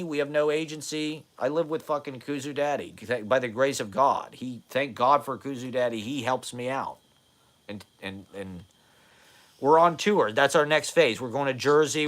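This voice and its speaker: A man's voice: medium pitch, fairly bright tone. A man in his forties from the United States, rambling in a self-deprecating, profane monologue and laughing often, at times drifting away from the mic.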